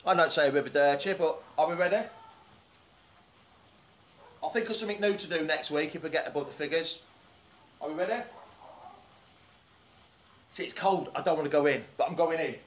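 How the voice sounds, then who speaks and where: A man hosts a loose, chatty fan live stream outdoors by a swimming pool, greeting viewers by name as comments come in. His slightly high voice runs a little fast, with long pauses, and the poolside phone or camera adds a little hiss or hum.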